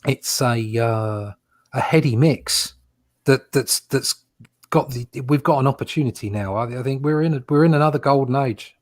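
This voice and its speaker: A man's voice: medium pitch, normal speed, no echo, studio quality. A man co-hosting a casual comics podcast, rambling and repeating words as he makes his points. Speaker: co-host.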